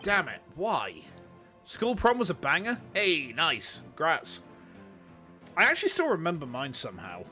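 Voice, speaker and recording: A man with a Yorkshire accent chatting casually with viewers on a livestream, jokey and quick to laugh. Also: on the high side, huge pitch swings, pushed and bright, soft background music. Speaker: streamer.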